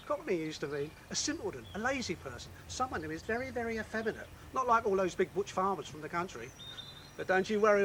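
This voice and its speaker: A man's voice: high voice, a little hiss or hum. A man presenting a history piece to camera, teasing and quizzing in a playful way. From London.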